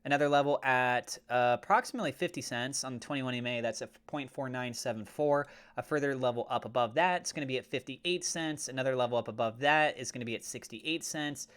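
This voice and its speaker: Casual male crypto vlogger reading off support and resistance levels, steady and chatty. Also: medium pitch, quick pace, hardly any pauses, clear, resonant tone. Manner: steady level-by-level price talk with fillers; mock-gushing and over the top when praising. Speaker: crypto channel host. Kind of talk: chart analysis commentary.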